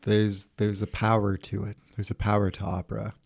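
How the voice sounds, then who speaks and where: Low-voiced man in casual chat. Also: monotone, moderate pace, gravelly. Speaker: podcast co-host.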